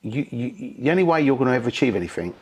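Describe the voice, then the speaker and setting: Middle-aged host, husky and gravelly, lively pitch, blunt talker. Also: male voice, very fast. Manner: blunt, emphatic, swears casually. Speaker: podcast host. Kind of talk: casual podcast chat.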